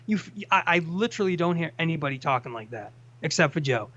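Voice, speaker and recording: A man's voice: on the high side, lively intonation, fast, few pauses, sharp tone. A man hosting a casual call-in chat, ranting with plenty of profanity. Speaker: host. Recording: dull lo-fi sound.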